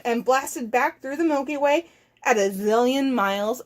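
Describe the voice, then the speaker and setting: Here a female children's librarian performs a picture book with expressive, carefully enunciated narration. She has a high-pitched voice and reads a little slowly.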